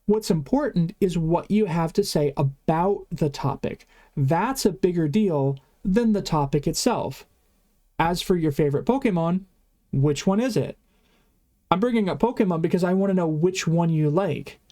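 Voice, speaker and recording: A mellow-toned online language teacher explaining grammar in a casual, chatty way. They ramble now and then and trip over words before correcting themselves. The pitch sits at an ordinary middle level. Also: lively intonation, moderate pace.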